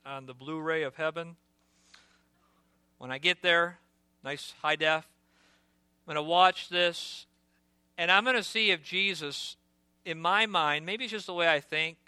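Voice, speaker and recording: Male pastor preaching a sermon: bright, smooth, slightly higher voice, earnest delivery. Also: unhurried, pauses often, no echo. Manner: earnest preaching, drops to a hushed voice for storytelling asides.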